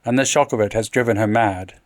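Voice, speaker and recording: A man's voice: fairly low pitch, no echo, natural voice. A man voicing a deferential door porter who speaks respectfully. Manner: respectful, measured.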